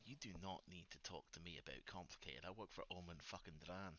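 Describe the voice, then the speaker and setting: A man voicing a smooth, persuasive male businessman who talks in a polite, measured way. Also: deep voice, lively intonation, pushed and bright, dry recording. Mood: conspiratorial.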